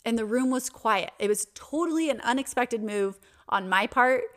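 A woman's voice: a little high, lively intonation, moderate pace, a bit bright. A young adult woman hosting a podcast, telling a personal story in an earnest, reflective way with small restarts. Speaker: podcast host.

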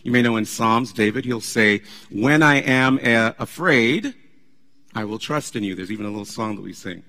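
A man preaching a sermon as pastor, animated and conversational, laughing often as he talks. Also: medium pitch, normal speed, long reverb tail.

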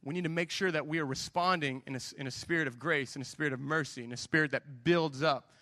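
A man's voice: on the high side, fast, pushed and bright, long reverb tail. A man, preaching a conversational sermon and acting out dialogue from his own stories. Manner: conversational, self-deprecating storytelling with acted-out dialogue. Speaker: pastor.

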